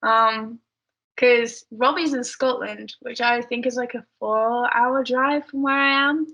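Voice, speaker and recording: A woman's voice: on the high side, fairly even intonation, slow pace, pushed and bright, poor audio. A young woman with an English accent, chatting casually as a podcast guest, mumbly with lots of fillers. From England. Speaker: guest athlete.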